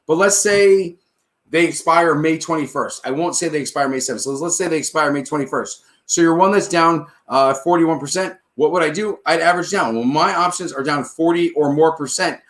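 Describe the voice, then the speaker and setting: A man hosting a trading advice show, talking casually and confidently while he walks through the numbers out loud and keeps checking in with his listener. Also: fairly high pitch, a little fast. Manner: checks in with "all right?" and "okay?" often. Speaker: stock trading advice host.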